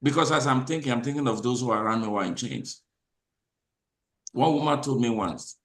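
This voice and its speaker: A man hosting a motivational talk, speaking with a preacher-like, emphatic delivery that rises into loud, repeated lines. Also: lively intonation, normal speed, reverberant. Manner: preacher-like, swings to loud high emphatic repetition. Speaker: host.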